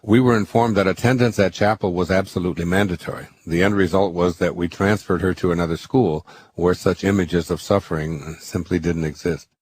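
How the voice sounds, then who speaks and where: A man reading his own spiritual book aloud as audiobook narration, in a measured, earnest way that slows down for quoted scripture. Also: deep voice, fairly even intonation, a little mellow.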